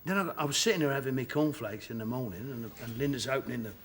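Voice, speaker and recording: A man with a Cockney accent, a talk show guest telling animated stories and laughing often in a television studio. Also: medium pitch, quick pace, a little hiss or hum. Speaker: guest actor.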